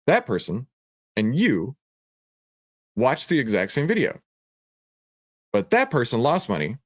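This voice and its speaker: A man's voice: on the low side, no room sound, studio quality. A middle-aged man hosting a trading lesson, talking through a stock chart in an emphatic, preachy way with rhetorical questions and repeated phrases. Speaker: trading educator and host. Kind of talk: energetic stock-chart walkthrough.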